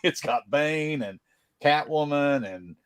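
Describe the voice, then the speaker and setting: A man chatting as a livestream guest, telling stories in an animated way and laughing as he talks. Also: on the high side, slow, clear, resonant tone, dry recording. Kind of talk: casual livestream chat.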